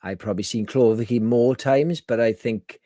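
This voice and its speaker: A man's voice: medium pitch, normal speed, warm tone, no room sound, studio quality. A man co-hosting a casual podcast chat, joking and teasing the others. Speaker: co-host.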